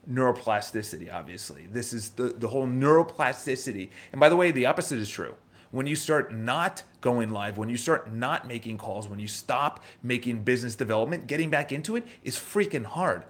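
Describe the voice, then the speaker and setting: A man in his thirties with a New York accent, talking live to his audience in a casual, motivational way, repeating phrases and restarting sentences. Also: mid-range voice. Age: 30s. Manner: energetic, conversational, repeats phrases, restarts often. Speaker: host of a live morning show. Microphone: live stream from his office.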